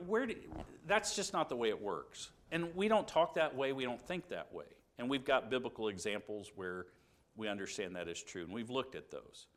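Lively-pitched man teaching a Bible lesson. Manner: earnest, reasoning aloud with rhetorical questions. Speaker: preacher.

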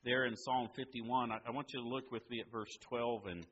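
A man preaching a sermon, asking his listeners questions and swinging between loud emphasis and quiet, hushed lines. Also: medium pitch, fairly even intonation, a little fast, muffled recording, a little hiss or hum.

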